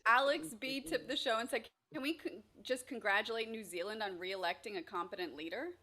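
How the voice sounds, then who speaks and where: A woman's voice: on the high side, brisk, a crowd in the background. A woman co-hosting a chat show, reading viewer messages aloud in an upbeat way. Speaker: co-host reading viewer tips. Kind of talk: casual chat.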